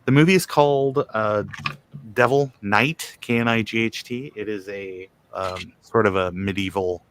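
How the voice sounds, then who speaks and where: A man in his thirties or forties chatting casually on a video call, deadpan and joking, spinning rambling tall tales. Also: lowish voice, unhurried, slight background noise. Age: 30s to 40s. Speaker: guest on a livestream.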